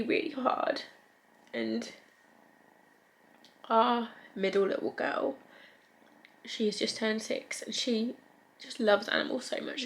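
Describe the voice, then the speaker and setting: A woman in her thirties with a British accent, vlogging at home in a soft, emotional way and coaxing her cats. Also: on the high side, vocal fry. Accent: British English. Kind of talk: casual chat to camera.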